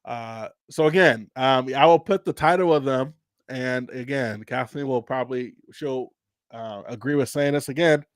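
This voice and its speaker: A man's voice: mid-range voice, normal speed, no echo, clean studio sound. A man hosting an unscripted livestream chat, rambling loosely and laughing often. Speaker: host.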